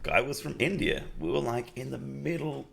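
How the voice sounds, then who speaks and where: A man's voice: medium pitch, big pitch swings, normal speed, vocal fry. A man co-hosting a podcast, rambling through a story in casual chat and laughing often.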